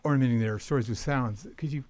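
Male public radio host, relaxed conversational interviewer, reads call-in details, mid-pitched voice. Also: quick pace. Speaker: radio talk show host. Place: radio studio.

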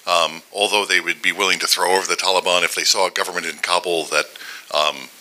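A man with a very deep yet bright voice asks a polite question. He halts often and fills pauses with ums and uhs. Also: fairly even intonation, rough recording. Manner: polite, halting, filler-laden. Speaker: audience questioner. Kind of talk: asking a question.

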